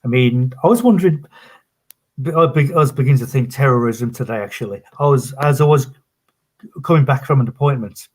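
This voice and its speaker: Englishman with a softened Birmingham accent. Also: medium pitch, expressive, a little fast. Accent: Birmingham accent softened toward southern English. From England. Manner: hesitant, many restarts, self-deprecating. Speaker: guest. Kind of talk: casual conversation.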